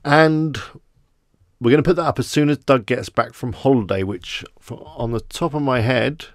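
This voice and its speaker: A man's voice: mid-range voice, normal speed, no room sound, clean studio sound. An Englishman hosting a casual live stream, chatting with viewers and greeting them by name. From England.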